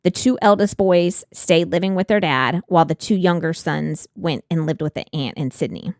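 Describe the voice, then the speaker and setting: A woman's voice: fairly low pitch, moderate pace, dry recording, studio quality. A woman co-hosting a casual true-crime podcast, telling the story with frequent laughs and blunt swearing. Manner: laughs often, swears freely, animated.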